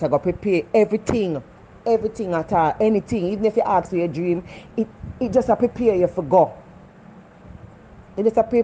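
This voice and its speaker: A woman's voice: deep voice, warm tone, dull audio, a little hiss or hum. A woman with a Jamaican accent giving a heartfelt motivational talk, earnest and repetitive as she preaches life lessons. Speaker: vlogger.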